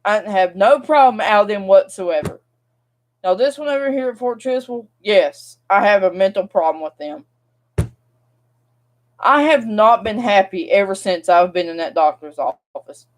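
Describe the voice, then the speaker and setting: A woman's voice: medium pitch, expressive, moderate pace. A young woman, venting to camera in a casual, rambling vlog rant. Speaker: vlogger.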